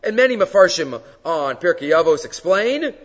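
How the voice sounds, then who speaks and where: A man's voice: sits high, very animated, normal speed, a bit bright. A male rabbi gives a Torah lecture. He reads verses, translates them and poses rhetorical questions to his listeners. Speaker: rabbi teaching weekly Torah class. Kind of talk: Torah lecture, explaining sources. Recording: dull lo-fi sound with long reverb.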